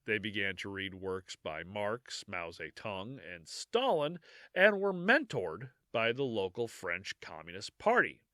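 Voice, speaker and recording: A man's voice: fairly low pitch, very animated, measured pace, bright, forceful tone, no echo, studio quality. A man hosting a history podcast, reading from notes and breaking off for jokey asides with frequent laughter, maybe. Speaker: podcast host.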